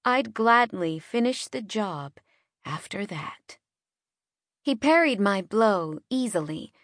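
A woman's voice: on the low side, no echo. A woman narrating a first-person audiobook in a tense, dramatic style, recorded close in a studio. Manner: tense, dramatic storytelling with hushed drops. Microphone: close studio mic.

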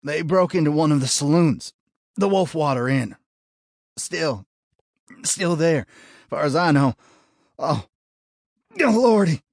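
A man's voice: a little high, animated, slow, long pauses, no room sound, studio quality, voice pushed up, exaggerated voice. A man voicing a badly beaten big deputy who is dying, pained and gasping, breaking off his words. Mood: pained, desperate.

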